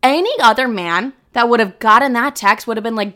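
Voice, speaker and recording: A young woman in her twenties hosting a podcast, telling candid stories in a blunt, profane, animated way. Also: a little high, a little fast. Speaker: podcast host. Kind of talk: candid casual monologue.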